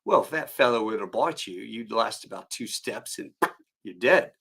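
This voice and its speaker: A man putting on a relaxed Aussie bloke. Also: on the low side, normal speed, creaky, slightly rough, full character voice. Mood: nonchalant. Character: laid-back Australian man, cousin, unfazed by snakes.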